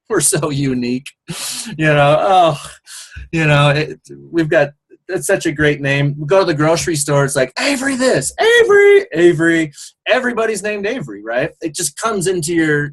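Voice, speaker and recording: Man, mid pitch, upbeat group coach on a video call, loose and encouraging. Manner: enthusiastic, encouraging, loose and rambling. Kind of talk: casual motivational group call.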